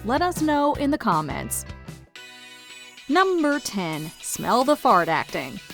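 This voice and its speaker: A woman's voice: a little high, sing-song, takes it slowly, a bit bright. A woman reading scripted voice-over narration for a countdown video, upbeat and playful. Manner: upbeat, playful list-show delivery. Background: faint music.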